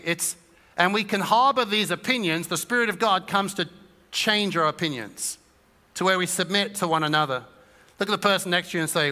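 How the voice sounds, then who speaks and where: A man's voice: sits high, fairly quick, sharp tone. A man preaching a sermon as pastor, conversational and humorous, acting out little voices of his listeners. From England. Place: church auditorium. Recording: church hall reverb.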